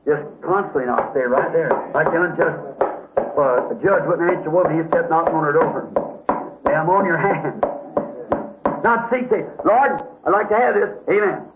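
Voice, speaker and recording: A man's voice: fairly high pitch, normal speed, echoey room. A man preaching a question-and-answer sermon in a folksy way, often asking "see?" and correcting himself. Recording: tinny lo-fi old tape with hiss.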